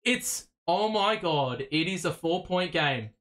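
A young man hosting a live fan watch party, calling the plays as an excitable, exasperated fan who swears freely. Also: high voice, takes it slowly, very noisy. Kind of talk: live fan play-by-play commentary.

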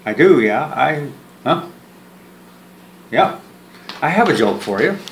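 A man's voice: mid-range voice, sing-song, takes it slowly, a little hiss or hum. Joking man on a roomy call. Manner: joking, rambling, self-deprecating, repeats words. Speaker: vlogger. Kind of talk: one-sided phone chat to camera. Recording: roomy with faint ambience.

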